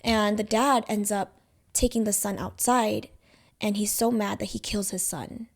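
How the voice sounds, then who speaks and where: A woman's voice: mid-range voice, steady tone, measured pace, creaky. A young woman co-hosting a podcast, telling a story in casual chat and filling it with "like" and "you know". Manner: rambling, heavy use of "like" and "you know". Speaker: podcast co-host.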